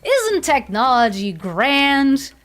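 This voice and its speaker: Slow, laughing young woman streamer. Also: sits high, very animated, a bit bright, soft background music. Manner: rambling, laughs often, repeats herself. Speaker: VTuber streamer. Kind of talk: casual chat.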